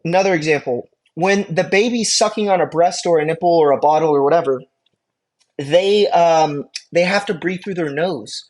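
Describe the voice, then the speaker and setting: Here the EMT instructor talks at normal speed with a mid-pitched voice, keeping the lecture relaxed and conversational. There are frequent restarts and side comments, and he checks in with the class again and again.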